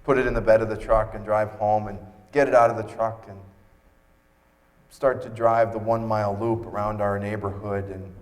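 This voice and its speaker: A man speaks from an expo stage with a fairly low voice, telling a personal story earnestly. His voice carries a long reverb from the hall. He switches into lively voices when he quotes people. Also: normal speed. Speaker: keynote speaker.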